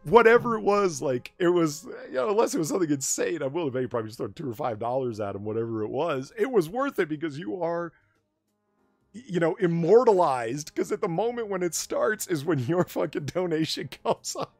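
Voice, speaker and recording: A man hosts a late-night chat stream, telling stories with a lively, swinging pitch and swearing casually. His voice sits dry and close to the mic. Faint music plays behind him. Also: brisk, dry recording. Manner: animated storyteller, swears freely. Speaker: stream host.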